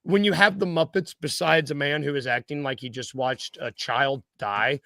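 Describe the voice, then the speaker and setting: A man's voice: a little high, fairly even intonation, normal speed, a bit bright, no room sound, clean studio sound. A man co-hosting a casual sports podcast, playful and rambling, laughing easily. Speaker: podcast co-host.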